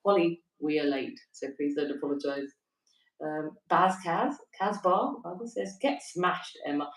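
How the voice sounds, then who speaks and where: Co-hosting an evening livestream while on holiday in Wales, a woman with a stiff neck chats casually, giggles and reads out viewers' comments. Her voice sits low and unhurried, picked up from a distance with roomy echo.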